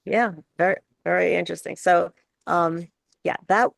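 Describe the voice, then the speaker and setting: A woman speech coach fields questions in a live webinar over a video call, her phrases halting and peppered with fillers and restarts. Her lowish voice carries vocal fry and fairly even intonation, and the recording is dry.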